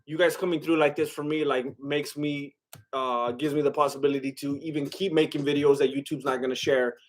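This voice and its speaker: A man's voice: a little high, steady tone, brisk. A man with a Mexican-American accent chatting casually on a live stream, rambling with lots of fillers and laughter.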